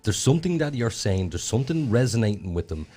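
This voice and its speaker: A man's voice: lowish voice, big pitch swings, fast, warm tone. A man hosting a casual podcast interview, pressing his guest with probing questions. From Ireland. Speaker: podcast host.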